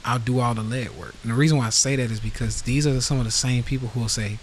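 A man hosting a casual podcast rant, blunt and profane, getting heated as he answers live comments. His voice sits at an ordinary pitch. Faint noise hums behind him. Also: fast talker, low-quality recording. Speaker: podcast host.

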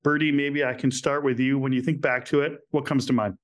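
A male podcast host with a friendly, upbeat manner. His voice sits at a middling pitch, and he introduces guests and steers the conversation. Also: flat delivery, brisk. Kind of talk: podcast hosting.

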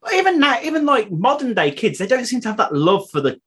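Brief: Brummie man hosting a casual podcast, husky tone, ranting with big pitch swings. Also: big pitch swings, fast talker, a bit bright. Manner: opinionated, ranting, sweary. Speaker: podcast host. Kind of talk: casual chat.

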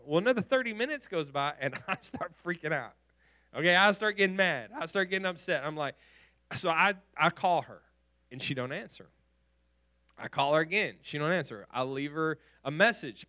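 Male pastor, high bright voice, animated sermon storyteller who stumbles and repeats words. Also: normal speed.

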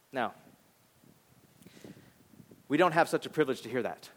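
A man with a high voice preaches in a loose, talky way. He swings from bright acted-out voices to quiet, hushed moments as he speaks to his congregation as their pastor. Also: moderate pace, long pauses. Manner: conversational, animated, acts out voices, drops to a near whisper on serious points. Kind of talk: sermon.

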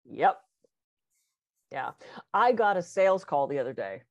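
A woman in casual conversation, a hypnotist and guest who talks fast and animatedly, acting out the voices in her anecdotes. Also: deep voice, very animated, darkish tone, dry recording. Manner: fast-talking storyteller.

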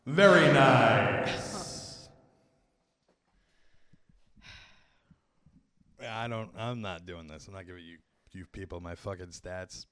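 A man's voice: deep voice, fairly quick, few pauses, fairly bright tone, smooth. A young man co-hosting a podcast, chatting casually and crudely, joking and swearing freely. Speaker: podcast co-host. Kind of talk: casual chat reacting to videos.

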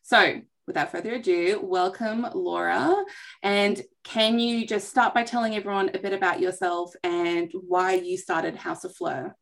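A woman's voice: lowish voice, steady tone, a little slow, gravelly. An Australian woman hosting a live online interview, chatty and self-deprecating, talking over a video call. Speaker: host, counsellor.

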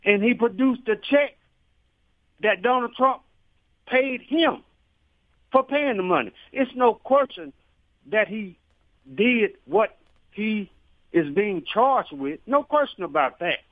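A man's voice: sits high, lively intonation, takes it slowly, long pauses, no room sound. Male caller on a tinny phone line. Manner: drawling, colloquial, repeats himself. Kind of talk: phone-in call.

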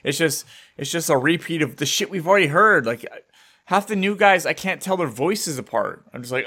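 Young man, bright sharp voice, fairly high, relaxed rambling chat. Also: fairly quick, husky. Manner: relaxed, rambling, swears casually. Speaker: podcast co-host. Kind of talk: casual chat. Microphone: video call.

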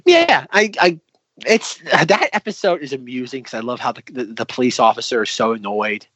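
A man's voice: mid-range voice, lively intonation, normal speed, sharp tone, husky, dry recording. A man chatting casually and enthusiastically, rambling with many fillers. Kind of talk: casual chat. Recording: dry, slightly dull sound.

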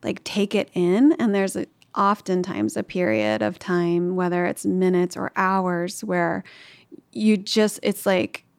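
Gentle woman host, dry close sound. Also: on the low side, slow, clear, resonant tone, no room sound. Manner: gentle, affirming, soft backchannels. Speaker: podcast host. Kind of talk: podcast interview.

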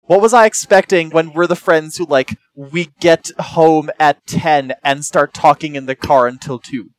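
A podcast co-host chatting casually, quick and wry, sometimes stammering when starting a thought. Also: mid-range voice, no room sound, low-quality recording. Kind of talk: casual chat.

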